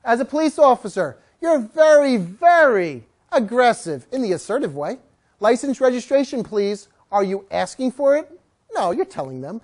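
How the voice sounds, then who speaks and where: A woman dog trainer speaking to a room of people in a lively, joking way, slipping into quick voices for owners and dogs. Her pitch swings widely as she talks, rising and falling through each story. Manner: animated, jokey, acts out voices of people and dogs. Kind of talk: live talk to an audience.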